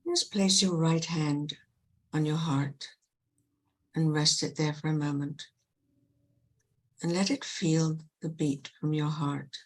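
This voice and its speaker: A woman with a low voice leads a guided meditation. She talks slowly and gently, in a soothing tone. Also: steady tone, rough recording. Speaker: guest, past life regression hypnotherapist.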